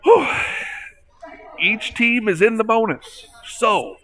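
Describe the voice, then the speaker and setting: A man calling a local high school basketball game play by play, folksy and talking to listeners as folks, getting excited at big plays. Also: takes it slowly. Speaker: play-by-play announcer.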